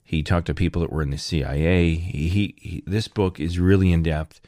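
A man hosting his own online channel in a loose, rambling monologue. His voice is very low, and the sound is dry and close with no room echo. He slips in sarcastic jokes and restarts his sentences often. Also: fairly even intonation, normal speed, dark tone. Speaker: channel host.

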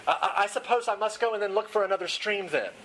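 A man's voice: high-pitched, quick pace, fairly bright tone, slight background noise, pitched above the performer's own voice, rough recording. A man voicing a frightened, thirsty little girl who stammers timidly during a story reading.

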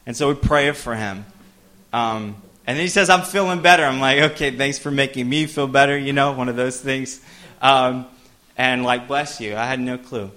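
A middle-aged man preaching a sermon, telling a personal story, with animated bursts and softer asides. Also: medium pitch, normal speed. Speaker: pastor.

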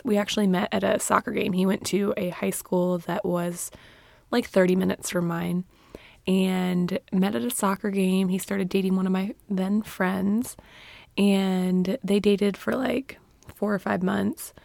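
A young woman in casual chat, chiming in with quick prompts and asides. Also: medium pitch, level tone, vocal fry, a little mellow, no room sound, studio quality. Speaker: co-host.

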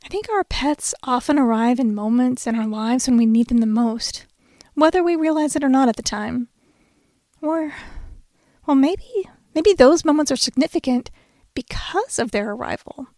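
A woman narrates as host of the show, reflective and unhurried in her storytelling. Her voice sits a little high with a gravelly fry, recorded dry and close. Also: lively intonation, warm tone, no room sound. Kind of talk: scripted narration.

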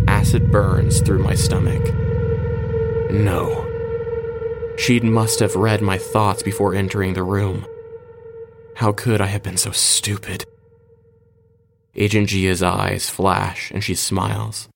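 A man hosting his podcast and narrating a first-person science-fiction short story in a measured, steady way. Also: low voice, gravelly.

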